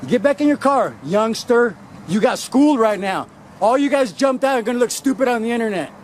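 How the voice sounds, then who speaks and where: A man's voice: extremely high pitch, lively intonation, fairly quick. A man filming the police on a street and confronting them in a combative, lecturing way. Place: outdoors on a street beside traffic. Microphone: handheld camera. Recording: noisy outdoor street recording. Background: traffic noise.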